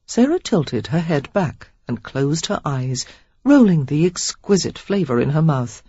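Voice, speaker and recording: An audiobook narrator reading a romance novel in steady, expressive storytelling. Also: medium pitch, moderate pace, breathy edge, dry recording. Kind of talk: scripted narration. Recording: dull lo-fi dry recording.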